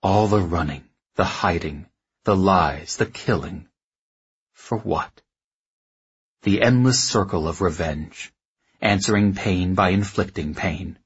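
A man reads a novel in the first person, sombre and measured. His voice is deep, unhurried and strongly husky. The audio is dull and muffled. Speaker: audiobook narrator. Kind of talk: first-person literary narration.

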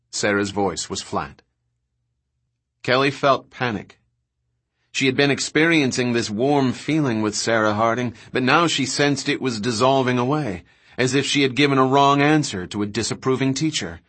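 A man narrating a novel in a calm, even storytelling manner. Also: mid-range voice, normal speed. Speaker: audiobook narrator. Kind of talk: scripted narration.

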